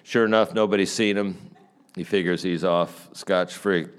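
Male preacher, lowish smooth voice, relaxed storytelling sermon. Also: moderate pace. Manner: storytelling, conversational, frequent "uh". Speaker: pastor.

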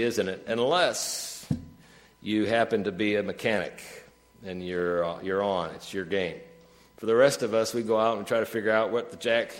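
Pastor, male, middle-aged, lowish voice; sermon delivery with big rises and hushed drops, rhetorical questions to the room. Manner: preaching with wide swings of pitch and loudness, asking the room questions.

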